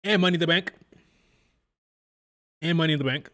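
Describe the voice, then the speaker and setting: A man's voice: a little high, brisk, bright, forceful tone. Chatty man mimicking crowd chants. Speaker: live stream reaction host. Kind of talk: casual wrestling watch-along commentary.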